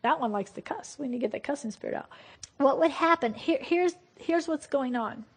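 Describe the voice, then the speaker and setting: A woman preaching a lively, conversational sermon and laughing often. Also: high voice, a little fast, vocal fry. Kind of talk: sermon on deliverance.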